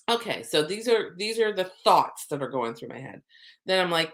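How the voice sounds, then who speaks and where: Animated woman coaching, lower voice. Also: moderate pace. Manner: animated, acts out her own inner thoughts. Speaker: soul coach. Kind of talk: casual coaching talk to camera.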